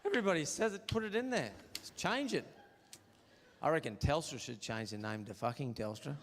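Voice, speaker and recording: A man's voice: on the high side, lively intonation, fairly quick, very noisy. Brash Australian man doing stand-up. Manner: brash, crude, storytelling with acted quotes. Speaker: stand-up comedian. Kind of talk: stand-up comedy set. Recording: live show with roomy reverb and audience laughter.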